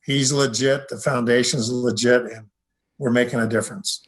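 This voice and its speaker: A man's voice: mid-range voice, steady tone, normal speed, rough recording. An older man, a retired general and foundation head, answering interview questions in an earnest, plain-spoken way.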